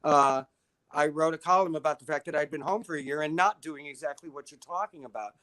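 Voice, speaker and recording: A man's voice: on the high side, brisk, bright, forceful tone. An older man, a guest in a casual interview, telling long stories in a wry, self-deprecating way.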